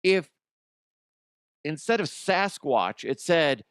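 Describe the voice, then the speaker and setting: A man's voice: a little high, slow pace, long pauses, no echo, clean studio sound. Profane, laughing male podcast host. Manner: profane, laughing, animated commentary. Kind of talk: comedic news podcast rant.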